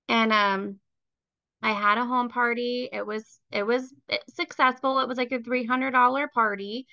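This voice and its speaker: A woman's voice: a little high, fairly even intonation, unhurried, vocal fry, sharp tone, clear, resonant tone, no room sound, highs cut off. A woman in her thirties sharing her personal story as a guest on a call, candid and heartfelt, with plenty of fillers. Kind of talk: personal testimony.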